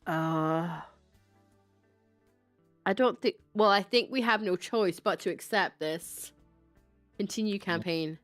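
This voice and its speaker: Slow-talking Scottish woman streaming a game. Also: lowish voice, no echo, faint music behind. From Scotland. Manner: chatty, self-mocking, laughs often. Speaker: livestreamer. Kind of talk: casual game commentary.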